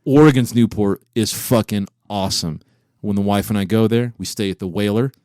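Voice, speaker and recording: A man co-hosting a casual podcast from a home recording room, cursing freely and breaking into loud disbelief. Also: on the low side, a little fast, no room sound, clean studio sound. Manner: profane, incredulous, loud bursts of disbelief. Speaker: podcast co-host. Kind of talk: casual banter.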